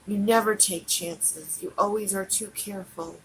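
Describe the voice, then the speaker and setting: A woman's voice: mid-range voice, measured pace, fairly bright tone, a little hiss or hum, rough recording. A woman speaking alone on a livestream, tearful and pleading, repeating herself over and over. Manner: pleading and repetitive. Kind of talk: emotional livestream monologue.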